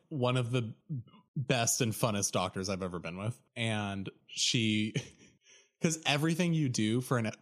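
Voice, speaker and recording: A young American man telling a story on a podcast, laughing and apologizing often while he has the hiccups. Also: mid-range voice. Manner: giggly, apologetic, rambling. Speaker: podcast co-host. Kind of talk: casual storytelling chat.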